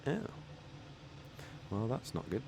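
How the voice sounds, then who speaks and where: A man's voice: lowish voice, very animated, takes it slowly, vocal fry, mellow, slight background noise. A young man streaming casually, laid-back and rambling, with some swearing. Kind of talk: casual livestream chat.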